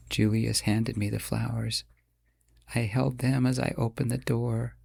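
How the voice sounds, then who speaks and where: Gravelly male audiobook narrator. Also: medium pitch, level tone, a little slow, warm tone, no room sound, clean studio sound. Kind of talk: first-person audiobook narration.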